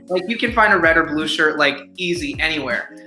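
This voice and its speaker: A man's voice: fairly high pitch, animated, brisk, bright, forceful tone. A young man, an actor as interview guest, telling a story in a casual, rambling way with lots of fillers. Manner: rambling, filler-heavy "like", upbeat. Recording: echoey room with faint music.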